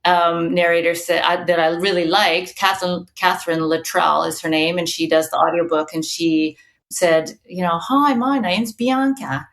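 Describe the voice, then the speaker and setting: A woman with a fairly low voice, talking as a podcast guest. Her delivery is chatty and anecdotal, full of fillers and small restarts. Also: level tone, normal speed, a bit bright. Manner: chatty, storytelling with many fillers. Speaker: guest author. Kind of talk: casual podcast conversation.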